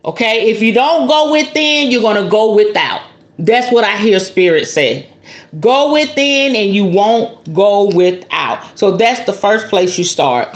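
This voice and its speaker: A woman giving a spiritual tarot reading in a casual, animated, preachy way, with some swearing. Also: mid-range voice, measured pace, roomy sound. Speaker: tarot reader.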